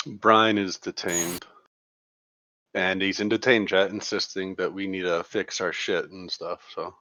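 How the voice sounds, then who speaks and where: A man's voice: low-pitched, steady tone, a little slow, sharp tone, no echo, dull audio. A man moderating a Discord voice chat, talking in a laid-back, wry way. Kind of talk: casual voice chat.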